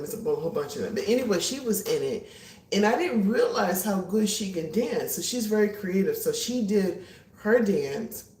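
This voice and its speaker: A chatty woman with a fairly low voice hosts a casual livestream from her home kitchen. She talks animatedly and greets her viewers. The room is echoey and she sits back from the mic. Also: a little mellow, distant mic. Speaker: livestream host. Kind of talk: casual chat.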